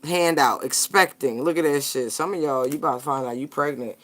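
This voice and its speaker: A person giving a casual tarot card reading straight to viewers, animated, slangy and profane. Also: mid-range voice, fairly quick.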